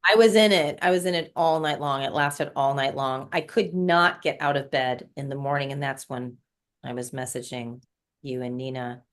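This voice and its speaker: A woman's voice: a bass voice, fairly even intonation, normal speed. A woman guest telling an emotional spiritual story in casual conversation, repeating words as she recounts it. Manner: emotional, repetitive, breathless recounting.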